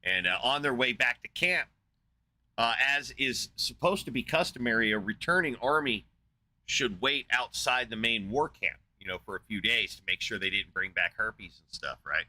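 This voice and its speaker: A man's voice: medium pitch, animated, normal speed, bright, forceful tone. A man hosting a live debate show, arguing with a caller in a profane, mocking, combative way and retelling a scripture story crudely.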